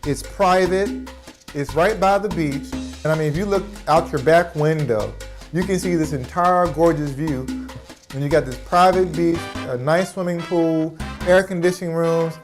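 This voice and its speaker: Animated man telling stories over music. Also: a little high, moderate pace. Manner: animated, laughing, acts out dialogue. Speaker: missionary and show host. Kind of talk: casual storytelling and interviewing.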